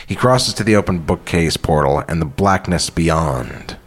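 A man hosting a podcast, reading a screenplay aloud with deadpan, profane asides. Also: sits low, unhurried, breathy edge. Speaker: podcast host. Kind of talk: script read-through with banter.

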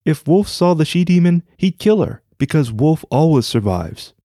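A man's voice: mid-range voice, normal speed, dark tone, no room sound, clean studio sound, natural voice. A man voicing a nervous male servant who stutters through chattering teeth in a storybook tale. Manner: stuttering, jittery.

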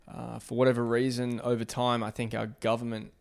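Gravelly man hosting a podcast. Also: medium pitch, monotone. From Australia. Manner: halting, restarts phrases, many fillers. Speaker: podcast host. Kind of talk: casual interview chat.

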